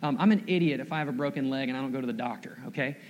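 Chatty pastor preaching in a big hall. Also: male voice, medium pitch, racing. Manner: conversational, self-deprecating, repeats words. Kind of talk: sermon. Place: church sanctuary. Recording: long reverb of a large hall.

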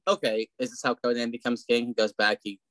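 A man's voice: medium pitch, little pitch movement, fairly quick, fairly bright tone, dry recording. A man co-hosting a casual movie review podcast, rambling and swearing and slipping into mocking voices. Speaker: podcast co-host.

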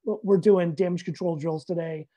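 An animated man spins a casual yarn as a podcast guest, jumping into other people's voices as he quotes them. He swears freely and lets his pitch leap when the story heats up. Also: moderate pace. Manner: animated, profane, acts out both sides of dialogue. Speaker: podcast guest, Navy master chief. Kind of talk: casual anecdote in an interview.

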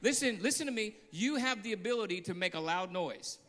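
A man, a guest pastor, preaching a sermon with passion, telling stories, repeating phrases and breaking into shouts. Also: high-pitched, animated, brisk, in a large hall.

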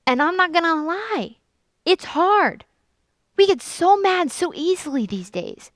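A young adult woman, a youth pastor, preaching a sermon with earnest storytelling and lively emphasis. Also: very high-pitched, measured pace, no echo.

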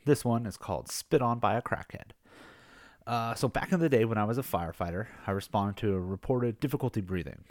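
A man's voice: on the low side, a little fast, no echo, clean studio sound. A middle-aged man, a former firefighter, telling a story in a casual, rambling way, full of fillers and chuckles at his own tale. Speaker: podcast host, former firefighter.

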